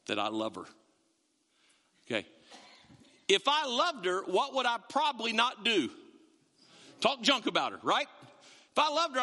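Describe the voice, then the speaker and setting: A man preaching in a church, his high, lively voice swinging widely in pitch and ringing very bright. He jokes with the congregation, then drives his points home with emphatic bursts. The sound carries a long hall reverb. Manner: conversational, joking preacher with emphatic rises. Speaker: pastor. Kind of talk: sermon. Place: church sanctuary.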